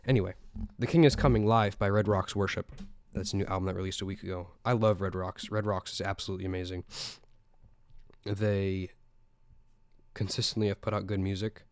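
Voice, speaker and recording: Low flat-voiced teen podcast host. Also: male voice, brisk, clean tone. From South Carolina, US. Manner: chatty, rambling, enthusiastic. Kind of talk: casual music roundup podcast.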